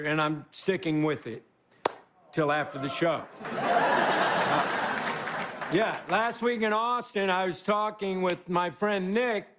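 A man giving a rambling, self-deprecating stand-up monologue as guest host on a live TV studio stage. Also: high-pitched. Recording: live studio audience with crowd noise. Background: laughing studio audience.

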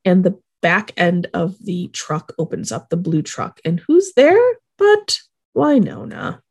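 A woman's voice: fairly low pitch, huge pitch swings, a little slow, a little mellow, slightly rough, dry recording, studio quality. A woman co-hosting a podcast, telling the episode's story in a playful, laughing manner. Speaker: podcast co-host. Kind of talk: casual chat.

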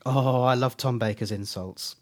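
A man chats casually on a fan podcast, telling favourite scenes with animated energy. His voice sits at an ordinary middle pitch. He slips into quick impressions as he retells lines. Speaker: podcast co-host.

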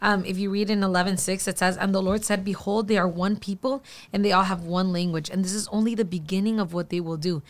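A woman's voice: medium pitch, steady tone, fast, few pauses. Woman, casual faith chat, enthusiastic, reads scripture aloud.

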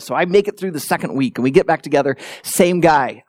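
Male pastor, conversational sermon, self-deprecating, lively pitch. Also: fast talker, hardly any pauses, dry recording. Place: church sanctuary.

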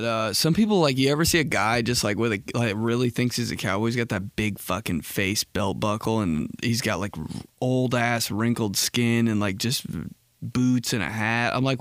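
Young man, podcast host, casual profane rambling, mid pitch, dry close recording. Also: moderate pace, a bit bright, no echo. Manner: rambling, profane storytelling with impressions. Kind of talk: casual solo comedy podcast.

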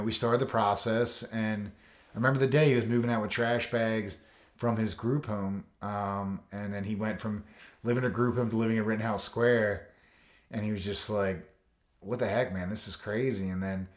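A man's voice: on the low side, fairly even intonation, moderate pace. A man, a coach, telling stories in a casual interview, loose and rambling with lots of fillers, acting out the lines of the people in them. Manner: loose and rambling, full of "you know" and "like", acts out quotes. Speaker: coach and foster dad, interview guest. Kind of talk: casual storytelling in a podcast interview. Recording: roomy echo.

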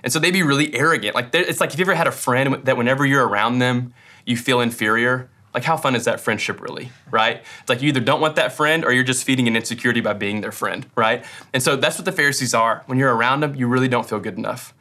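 A young man preaching a sermon to his congregation, telling personal stories in a relaxed, self-deprecating way. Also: medium pitch, fast talker. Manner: conversational, self-deprecating storytelling with laughs. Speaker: pastor.

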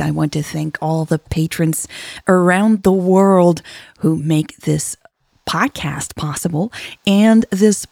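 A woman hosting a podcast and reading serialized fiction in a plain, steady narration. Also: on the low side, no room sound, studio quality. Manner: plain, steady reading with small self-corrections. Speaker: podcast host and story narrator.

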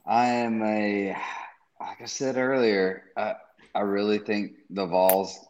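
A man co-hosting a podcast, giving his betting picks slowly and hesitantly, with frequent restarts. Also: fairly low pitch, little pitch movement, darkish tone. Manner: slow, hesitant, restarts often. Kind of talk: casual sports-betting chat.

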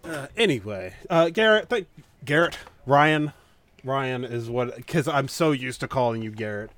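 Animated man ranting on a podcast. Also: mid-range voice, a little slow. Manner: animated, filler-heavy, mimics voices. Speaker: podcast host. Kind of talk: casual podcast chat.

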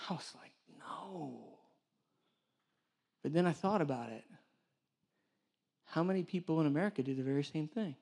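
A church director is preaching here, and his voice leans high; he talks fast and pauses often. His sermon is animated, full of stories in which he acts out the dialogue, and he jokes with the congregation.

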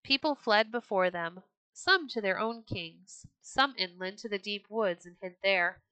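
A woman storyteller giving scripted storybook narration in a clear, steady reading voice. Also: mid-range voice, a little slow, dry recording, rough recording.

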